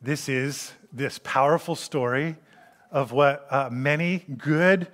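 A man preaching a sermon in an animated way, acting out the voices he quotes. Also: medium pitch, takes it slowly, long reverb tail.

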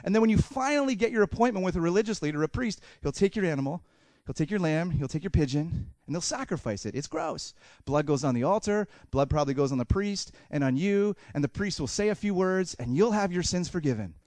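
A man preaching a sermon as a pastor, animated, voicing the thoughts of people in the story and swinging between loud bursts and hushed asides. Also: high voice, brisk, hardly any pauses, no room sound, studio quality.

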